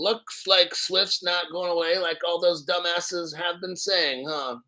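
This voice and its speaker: Man, crypto show host, profane ranting, sarcastic, bright forceful voice, slightly high. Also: poor audio. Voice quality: crude, mocking, sarcastic. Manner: reads articles aloud slowly, mocks others in silly voices.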